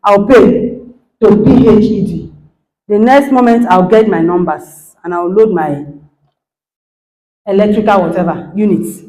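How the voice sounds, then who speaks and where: A middle-aged woman with a Nigerian accent, giving an animated motivational talk that acts out quoted dialogue and checks in with her listeners. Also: mid-range voice, echoey room, low-quality recording. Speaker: guest speaker, lecturer.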